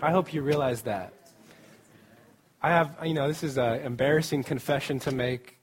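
A man's voice: medium pitch, moderate pace, husky. A middle-aged man giving a casual, joking sermon at a student camp, often laughing as he speaks. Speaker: campus ministry speaker.

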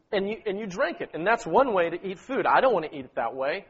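A man preaching to a congregation in a high, lifted voice, coaxing the room to read along and calling out short prompts. The sound is dull and lo-fi, as from a modest recorder. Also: animated, moderate pace, gravelly, bright, forceful tone, slightly rough. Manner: exhorting, repeats words, prompts the congregation with "okay?" and "amen". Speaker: pastor leading a church meeting. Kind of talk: sermon with group scripture reading.

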